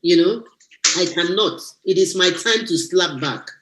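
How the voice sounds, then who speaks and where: A woman giving an animated, preachy motivational testimony on a live stream, exclaiming and teasing as she talks. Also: fairly low pitch, measured pace, echoey room, slight background noise. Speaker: guest speaker.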